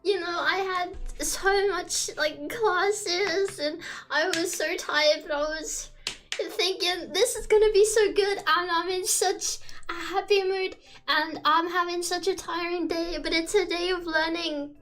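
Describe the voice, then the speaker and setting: Very high-pitched giggly woman streamer. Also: slow pace. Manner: giggly and excitable, repeats greetings. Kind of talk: casual live-stream chat.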